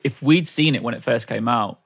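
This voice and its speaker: A man's voice: medium pitch, brisk, vocal fry, fairly bright tone, breathy edge. A man co-hosting a casual film discussion podcast, often chiming in agreeably. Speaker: podcast co-host.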